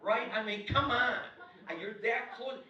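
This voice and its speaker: A man in his sixties, a motivational speaker telling a story to a live audience, acting out the dialogue and swinging from loud to hushed. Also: very high voice, unhurried, dull audio, a little hiss or hum. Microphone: clip-on mic. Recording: echoey hall, mic from far off.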